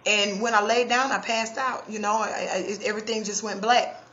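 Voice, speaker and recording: A woman's voice: medium pitch, steady tone, normal speed, sharp tone, lo-fi sound. A woman giving a personal testimony, earnest and emphatic, often restarting her sentences.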